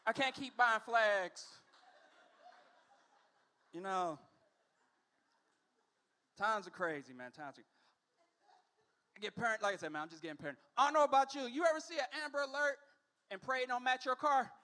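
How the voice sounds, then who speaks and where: A man in his forties on a comedy club stage, working a stand-up set into a handheld mic. His voice sits very high for a man and rings bright and forceful. He tells his stories with animation and slips into other people's voices. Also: animated, moderate pace, pauses often. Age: 40s.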